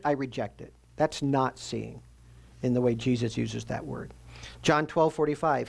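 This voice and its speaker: A man preaching a sermon as pastor, teaching earnestly and slowing down to stress key phrases. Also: mid-range voice, gravelly.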